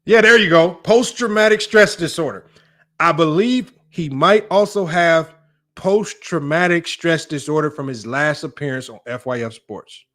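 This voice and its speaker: A man's voice: on the high side, normal speed, a bit bright. A young man hosting a sports debate livestream, riffing casually and joking as he talks straight at his viewers. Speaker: sports show host.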